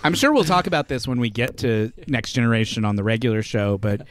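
Lively joking male podcast host. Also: mid-range voice. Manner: chatty, joking, quick to riff. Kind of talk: casual chat. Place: garage studio with door open.

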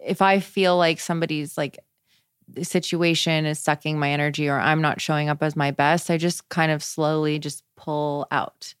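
A young adult woman speaking casually as a podcast guest, chatty and animated, with frequent filler words. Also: low-pitched, moderate pace, smooth, dry recording, clean studio sound. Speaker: podcast guest, wellness practitioner. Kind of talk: casual conversational interview.

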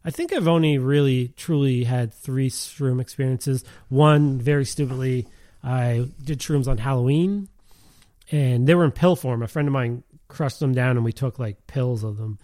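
A man's voice: mid-range voice, moderate pace, dark tone, no room sound, studio quality. Rambling man telling a story. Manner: rambling, lots of "like", laughs while telling. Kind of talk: casual chat.

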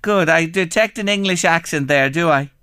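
Casting: upbeat radio presenter, bright and crisp, dry studio sound. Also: male voice, on the high side, dry recording. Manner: upbeat, enthusiastic, drawn-out emphasis. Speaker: radio show host. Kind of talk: live radio interview. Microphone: studio microphone.

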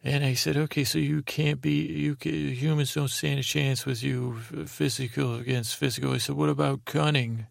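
A man with a very gravelly, creaky voice drifts through an improvised bedtime story, stumbling over words and circling back. The recording is close and dry, with no room sound. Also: steady tone, dry recording. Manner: meandering, halting, lots of fillers and restarts; drowsy, low-key storytelling. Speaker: podcast host. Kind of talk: rambling improvised sleep story.

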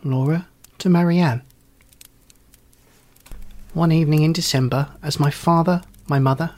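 A man narrating a story in an audiobook, reading in a measured, wry way. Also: a little high. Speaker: reader.

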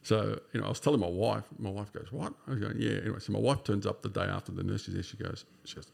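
Low gravelly man in his fifties. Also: sing-song, fast, hardly any pauses, a little mellow. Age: 50s. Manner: swears freely, ends lines with "right?". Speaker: podcast guest. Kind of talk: casual storytelling chat.

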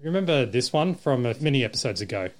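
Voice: medium pitch, expressive, fast talker. A podcast host playing clips, chatting in a giggly, upbeat way. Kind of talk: casual chat.

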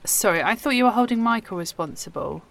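A woman playing an unbothered talent agency assistant, deadpan and giggly, in a scripted comedy sketch. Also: mid-range voice, fast talker, gravelly.

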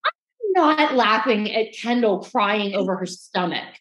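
A woman co-hosting a casual recap podcast, telling stories in a lively way and acting out what others said. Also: mid-range voice, a little slow, reverberant, poor audio. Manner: animated storytelling, acting out quotes. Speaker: podcast co-host.

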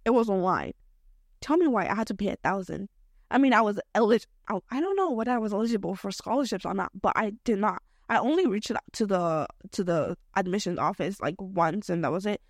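A woman's voice: medium pitch, a little fast, no room sound. Chatty young woman, dry close sound. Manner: chatty, slangy and expressive, jumping between topics. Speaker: podcast host. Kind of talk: casual solo podcast chat.

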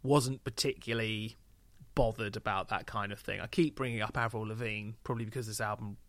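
A man co-hosting a casual music review podcast, measured and hedging, with frequent restarts. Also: on the low side, steady tone, a bit bright, no room sound. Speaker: podcast co-host.

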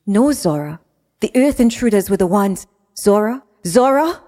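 A woman's voice: medium pitch, expressive, normal speed, warm tone, close to an everyday voice. A woman voicing a distraught, tearful young woman who stammers through sobs, read as an audiobook. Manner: stammering, sobbing.

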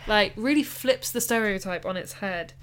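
A woman co-hosting a podcast, chatting casually about a film, animated and quick to laugh. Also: mid-range voice. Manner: animated, laughs often, tries voices. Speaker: podcast co-host. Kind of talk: casual film-review chat.

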